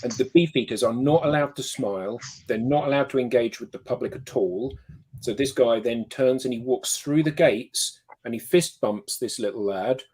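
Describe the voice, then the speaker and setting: A man hosting a casual online chat, telling a chatty anecdote. His voice is husky and a little rough, at an ordinary pitch. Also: normal speed, a little mellow, poor audio. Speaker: host.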